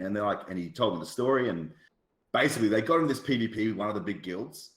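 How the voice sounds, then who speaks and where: Brief: guy, low register, rambling casual podcast storyteller, echoey room. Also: animated, quick pace. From Australia. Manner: rambling, with many fillers and asides. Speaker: podcast guest. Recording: roomy echo.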